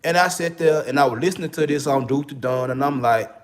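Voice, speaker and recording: A man's voice: mid-range voice, quick pace. A man with a Memphis accent talks straight to his viewers in casual, slang-heavy commentary. He is still getting over a cold, and he keeps leaning on the same filler phrases as he talks. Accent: Memphis, Tennessee. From Memphis, Tennessee. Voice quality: slangy, repeats "you know what I'm saying". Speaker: online relationship coach.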